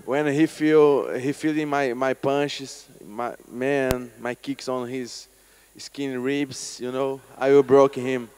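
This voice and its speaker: A man speaking halting, non-native English as a fighter at a press event, blunt and plainspoken. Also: medium pitch, steady tone, a little mellow. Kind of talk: casual press conference answers.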